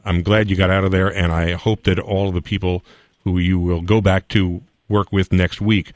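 A man with a fairly low voice hosts a broadcast interview. He asks his questions calmly, in a conversational way. The studio sound is dry, with no room echo. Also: moderate pace.

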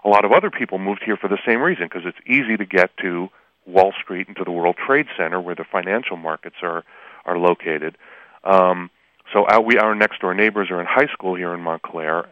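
A man, a law professor, calling in to an interview over the phone, speaking earnestly and haltingly with frequent restarts. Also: low voice, no room sound. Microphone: telephone. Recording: tinny, dry phone line.

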